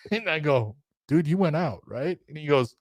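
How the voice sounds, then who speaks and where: A man casually telling a story as a podcast co-host, animated and acting out quotes with laughter. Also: a little high, takes it slowly, dry recording.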